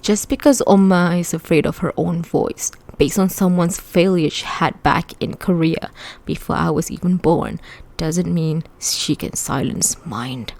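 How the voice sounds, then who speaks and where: A woman's voice: fairly low pitch, unhurried, vocal fry, a little mellow. A woman reading a first-person audiobook aloud in a conversational, wry teenage-narrator delivery. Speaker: audiobook reader.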